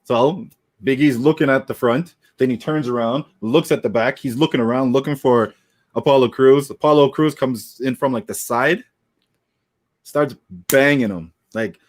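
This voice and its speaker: A man co-hosting a podcast, telling stories in an animated, casual way and swearing freely. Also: medium pitch, moderate pace. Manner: animated storytelling with profanity. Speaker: podcast co-host. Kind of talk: casual chat.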